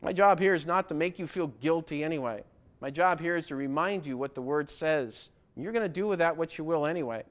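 Man, preacher, fairly high voice, earnest, exhorting sermon delivery. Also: brisk. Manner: earnest, exhorting, asks pointed questions.

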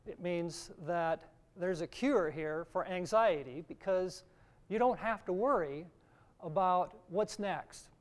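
A man's voice: high voice, slow pace. A middle-aged man giving a sermon, teaching earnestly and reading scripture aloud. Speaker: preacher.

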